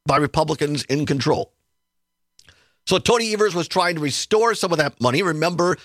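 A male talk radio host delivers a chatty, sarcastic political monologue from the studio. His voice sits a little high for a man and comes through a studio microphone, close and completely dry. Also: fairly bright tone, no room sound.

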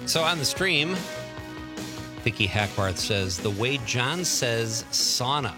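A man's voice: medium pitch, big pitch swings, slow pace, over music. A man with a Wisconsin accent hosting a casual radio talk show and reading listener messages. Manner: chatty, reads listener messages aloud. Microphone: studio mic.

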